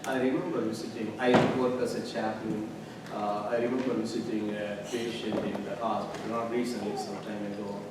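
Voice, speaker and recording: A male pastor giving a conversational sermon, shifting between quiet storytelling and loud, emphatic passages. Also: on the low side, flat delivery, fairly quick. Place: church sanctuary. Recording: echoey church from a distant mic with noise.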